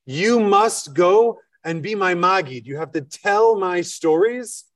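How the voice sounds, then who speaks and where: A man voicing an elderly Hasidic master, speaking in a measured, reassuring way. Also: high voice, lively intonation, far from the mic. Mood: urgent. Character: elderly male Hasidic master, calm and certain.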